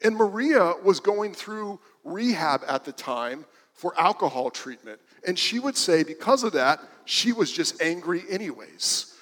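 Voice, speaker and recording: Male pastor, casual storytelling sermon, slightly high voice, long hall reverb. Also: very animated, a little slow, hardly any pauses, a bit bright. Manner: conversational with repeated restarts. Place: church.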